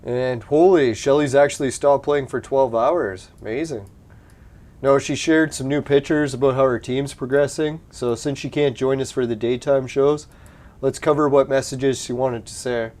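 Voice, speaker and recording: A man's voice: mid-range voice, steady tone, moderate pace, darkish tone. A man hosting a gaming channel, chatting casually over his play, laughing often and swearing freely. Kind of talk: casual let's-play commentary.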